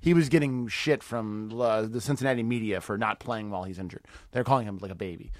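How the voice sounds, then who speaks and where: A comedian guest on a podcast, telling stories in lively casual chat and swearing freely. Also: male voice, lowish voice, fast, no room sound. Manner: animated storytelling, swears freely.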